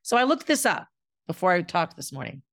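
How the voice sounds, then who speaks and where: A woman's voice: lowish voice, very animated, a little fast, dry recording, studio quality. A middle-aged woman speaking candidly and bluntly in a reflective personal monologue, as the host of her own show. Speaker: podcast host.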